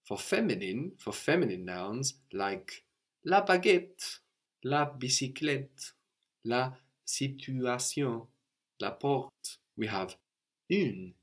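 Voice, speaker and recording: A man's voice: medium pitch, lively intonation, takes it slowly. A man teaching a language lesson, explaining step by step in a patient way and often checking in with a questioning "no?".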